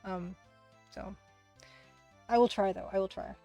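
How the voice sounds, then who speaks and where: A woman hosting a casual livestream, who talks fast, rambles through chat replies, laughs often and pokes fun at herself. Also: mid-range voice, fairly even intonation, vocal fry, mellow, no echo, faint music behind. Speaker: livestream host and game artist.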